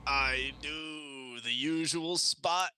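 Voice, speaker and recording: A man voicing a shady male drug dealer on a phone call in a tabletop game, with a hushed, conspiratorial delivery. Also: fairly high pitch, very slow, crowd noise, pitched above the performer's own voice. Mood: sly.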